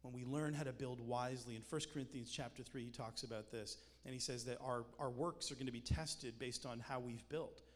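A man's voice: medium pitch, steady tone, fairly quick, few pauses. A man preaching a sermon in a conversational way, with jokes and emphatic points. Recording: long hall reverb with music behind.

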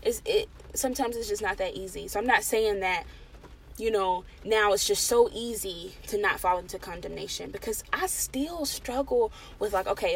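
A woman in the middle of a sermon, preaching with real passion. Her voice sits at a medium pitch and surges loud on declarations, then drops soft and close when she pleads. She repeats her key phrases over and over for emphasis. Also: slight background noise. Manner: impassioned, shifting between loud emphasis and soft intimate pleading.

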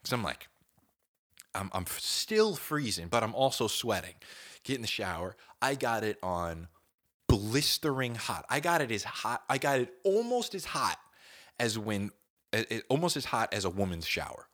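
A man in his thirties with a lowish voice tells a comic story at a moderate pace, casual and animated, acting out groans and quoted lines and saying "dude" a lot.

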